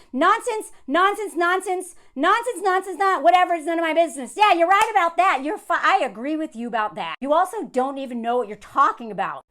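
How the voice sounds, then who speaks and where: Female commentator, exasperated and animated, high and very lively delivery. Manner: animated, exasperated ranting with frequent asides. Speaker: social media commentator. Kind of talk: reaction commentary on social media posts.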